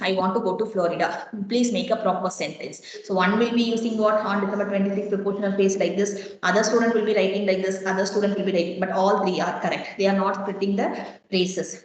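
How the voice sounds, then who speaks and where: A woman lecturer teaches a class, walking through each point and putting repeated questions to her students. Her voice is mid-pitched and rings around a very echoey classroom. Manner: explains step by step and quizzes students with repeated questions.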